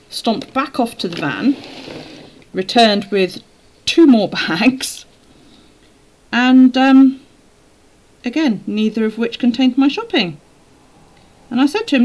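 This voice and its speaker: A woman's voice: fairly high pitch, lively intonation, slow pace, long pauses, a little mellow, poor audio. A woman chatting casually on a live stream while journaling, telling stories and laughing often.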